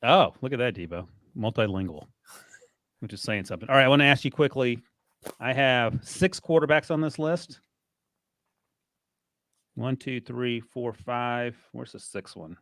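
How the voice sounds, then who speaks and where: A man hosting a sports podcast, leading the chat with quick, teasing back-and-forth. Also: medium pitch, a bit bright, no echo. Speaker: podcast host.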